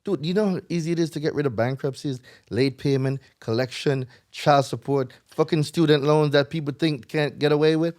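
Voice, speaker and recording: A man's voice: a little high, brisk, hardly any pauses, a little mellow. A man with a Jamaican accent, a guest on a casual podcast, explaining credit repair in an emphatic, lecturing way and swearing freely.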